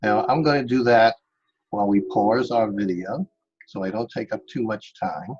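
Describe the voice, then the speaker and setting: A man's voice: fairly low pitch, moderate pace, lo-fi sound. A man from Staten Island teaching an online children's craft lesson, patient and step by step, talking straight to the kids. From Staten Island, New York. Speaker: art teacher.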